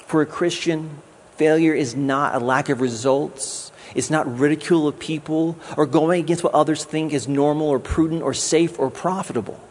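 Man preaching casually, slightly high voice. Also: fairly even intonation, moderate pace, darkish tone. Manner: conversational preaching with jokes and acted quotes. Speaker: guest pastor. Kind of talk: sermon.

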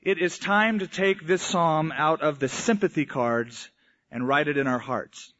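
A male pastor giving a conversational sermon, with slow, emphatic phrasing. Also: on the high side, sharp tone. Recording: echoey hall, dull lo-fi sound.

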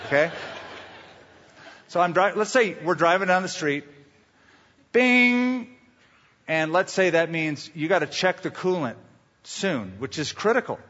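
A pastor preaching a sermon with emphatic rhetorical questions and homely illustrations. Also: male voice, a little high, a bit bright, long reverb tail, lo-fi sound.

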